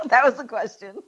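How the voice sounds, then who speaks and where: A woman's voice: a little high, a bit bright, breathy edge, highs cut off. A woman from Louisiana who is a guest on a live talk show, speaking in a sassy, good-humored way. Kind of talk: casual chat as a guest.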